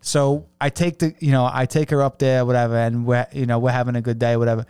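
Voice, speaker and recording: A man's voice: medium pitch, little pitch movement, quick pace, a little mellow, clear, resonant tone, no room sound. A man in his thirties, a podcast co-host, telling a long rambling story in casual chat, laughing and swearing often.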